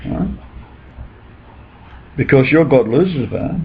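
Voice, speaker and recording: A man's voice: a little high, animated, takes it slowly. A man talking in a rambling, insistent way during a casual conversation. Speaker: speaker with religious claims. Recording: dull lo-fi recording with faint noise.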